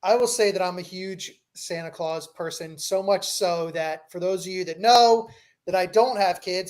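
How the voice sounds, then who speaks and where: A woman's voice: on the low side, darkish tone. A woman co-hosting a podcast, talking casually and fondly about the holidays. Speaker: podcast co-host. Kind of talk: casual live podcast chat.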